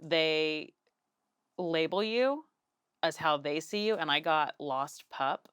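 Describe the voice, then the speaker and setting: A woman in her late thirties hosting a podcast, telling personal stories in a candid, profane, animated way. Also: deep voice, slow pace, smooth, no room sound, studio quality. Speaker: podcast host. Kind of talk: casual podcast chat.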